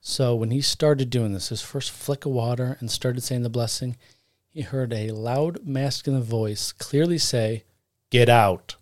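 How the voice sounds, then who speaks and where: A man of middle pitch tells a story on a podcast, speaking casually and jokily. He rambles, restarts lines and corrects himself as he goes. The sound is a plain studio podcast mic. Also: a little slow, darkish tone, no room sound. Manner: rambling, self-correcting, jokey. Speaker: podcast co-host.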